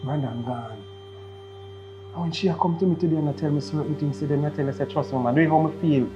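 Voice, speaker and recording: A man's voice: on the high side, quick pace, music in the background, close to an everyday voice. A man playing a pleading Jamaican father. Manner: earnest, repeats himself when begging. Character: worried father, middle-aged, stern and loving. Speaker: father pleading with his troubled daughter. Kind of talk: improvised family drama skit. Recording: slightly dull lo-fi sound.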